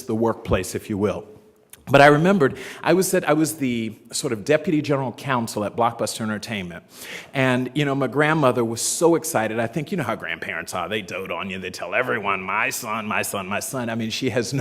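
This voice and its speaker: A man giving a casual, conversational conference talk, telling stories with self-deprecating humor. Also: medium pitch. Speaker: conference presenter. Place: conference hall stage.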